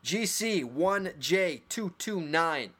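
A man co-hosting a casual chat show, rambling excitedly with lots of fillers and restarts. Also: on the high side, slow. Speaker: podcast co-host. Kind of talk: casual chat, listing favorite geocaches.

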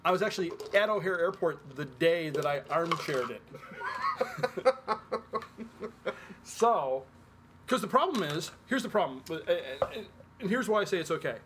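A man co-hosting a casual podcast chat, with a voice pitched a bit above the usual male range. He rambles and restarts his sentences while working through a point. A faint noise sits under the recording. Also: expressive, normal speed, pauses often. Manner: rambling, restarts often, self-corrects. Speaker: podcast co-host.

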